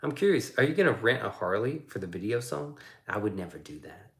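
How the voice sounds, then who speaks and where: A man's voice: on the low side, animated, fairly quick, a bit bright. Male streamer, loose and jokey, swears freely, reads chat aloud; roomy, echoey sound. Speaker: livestream host reading chat. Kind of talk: casual livestream chat.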